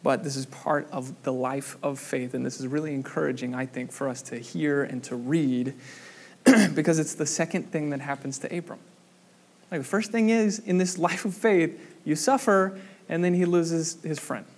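A man's voice: a little high, moderate pace. Chatty young man preaching a sermon. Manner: casual storytelling with many fillers, acts out quoted voices loudly. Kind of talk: sermon with a personal story.

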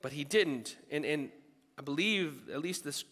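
A man preaching a sermon in a lively, animated way, breaking into loud bursts when he acts out what people think. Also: a little high, measured pace, big-room sound. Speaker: pastor.

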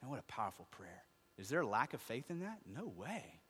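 A man preaching a sermon, asking his congregation questions and answering them himself, moving between quiet asides and loud, impassioned stretches. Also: mid-range voice, very animated, fairly quick, slightly rough. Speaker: pastor. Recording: long reverb of a large hall.

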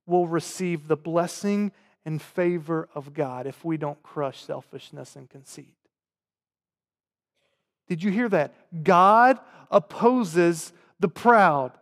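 Southern pastor preaching in a reverberant church. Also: male voice. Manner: swings between loud emphatic preaching and quiet, low asides. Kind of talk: sermon. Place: church sanctuary. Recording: long hall reverb.

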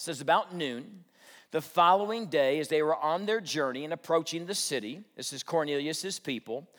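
A man's voice: high voice, in a large hall. A man preaching a sermon, reading scripture and explaining it with rhetorical questions to the congregation. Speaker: pastor.

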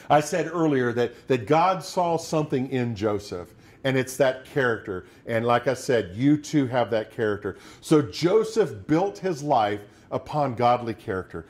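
A middle-aged man with a mid-range, somewhat dark voice preaches a sermon as a pastor. He talks conversationally and acts out quoted lines of despair.

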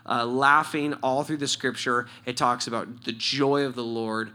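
A man with a bright, forward voice teaches in a loose, conversational way. He leads a church question-and-answer session and tells personal stories with lively energy. He breaks into laughter often. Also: mid-range voice, measured pace. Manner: animated, storytelling, laughs often. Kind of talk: casual spoken teaching.

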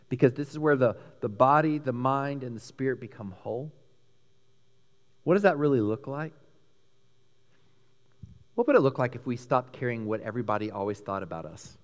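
A man with a Texan accent preaching a sermon, emphatic and animated, swinging between loud peaks and hushed lines. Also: medium pitch, big-room sound. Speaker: pastor.

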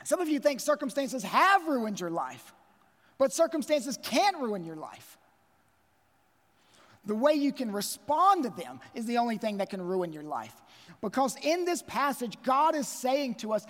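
A man's voice: very high-pitched, animated, normal speed, a bit bright, long reverb tail. A man preaching a sermon as pastor, emphatic and repeating key phrases.

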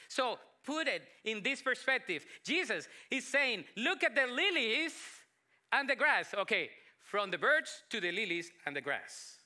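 Bright-voiced Colombian pastor preaching. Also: male voice, high voice. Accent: Colombian Spanish, with South Texas English. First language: Spanish. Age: 40s. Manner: emphatic preaching with pauses, drops to soft asides. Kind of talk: sermon.

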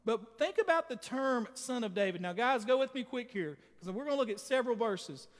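A man's voice: very high voice, expressive, brisk, long reverb tail. A man preaching a sermon, emphatic and speaking straight to his congregation. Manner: emphatic, addresses the congregation directly.

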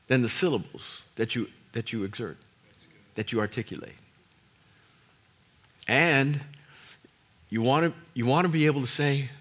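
A husky-voiced man preaches as a pastor, moving between hushed, low lines and loud, shouted peaks. He repeats words for emphasis.

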